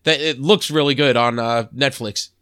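A man's voice: medium pitch, moderate pace, a bit bright, no echo, studio quality. A man co-hosting a podcast in casual chat, easygoing and often restarting his sentences with stammers. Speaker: podcast co-host.

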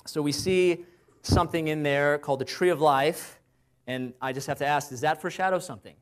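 A man preaching a conversational sermon. He asks his listeners rhetorical questions and slows down when he cites Bible verses. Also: a little high.

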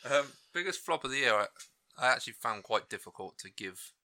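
A man co-hosting a casual podcast, talking things through in a measured way. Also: medium pitch, animated, bright, forceful tone, no echo, clean studio sound. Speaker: podcast co-host.

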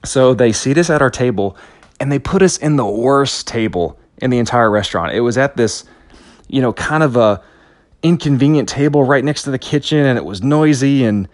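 A man's voice: mid-range voice, animated, moderate pace, no room sound, clean studio sound. A man in his thirties giving a motivational talk, telling a personal story in an earnest, anecdotal way with frequent restarts.

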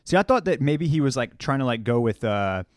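A man co-hosting a podcast, chatting about a show in a relaxed, slangy manner. His voice sits in a middle register, and the recording is dry and close. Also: medium pitch, a little fast, dry recording. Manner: laid-back, slangy. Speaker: podcast co-host. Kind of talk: casual chat about a TV episode.

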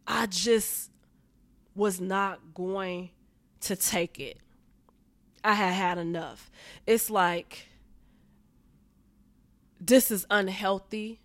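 A woman's voice: a little high, a bit bright, no room sound. A woman, venting to her viewers in a heated, profane, repetitive way. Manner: heated, profane, repeats herself. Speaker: vlogger.

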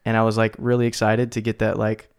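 A man's voice: on the low side, monotone, fast, smooth. A man in his twenties, a podcast guest, telling a story in a laid-back, slangy way, with lots of "like" and "dude". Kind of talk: casual storytelling.

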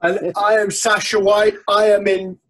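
Playful male panelist in his forties, slightly high voice, video call. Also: flat delivery, measured pace, fairly bright tone. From England. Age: 40s. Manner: playful, teasing. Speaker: regular panelist.

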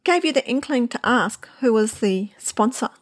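A woman interviewer with a husky voice asks a follow-up question in conversation. Her pitch sits fairly high and moves around a lot. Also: animated, normal speed.

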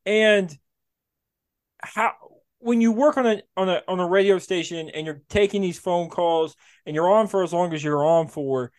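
Rambling host with a slightly high voice. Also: male voice, moderate pace, clean tone. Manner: rambling questions with many restarts. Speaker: podcast host. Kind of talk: casual interview.

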